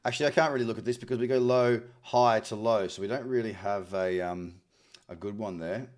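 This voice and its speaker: Chatty Australian man, low voice. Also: brisk, a little mellow. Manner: chatty, upbeat, repeats words often. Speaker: trading stream host. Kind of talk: live chart scan with chat replies.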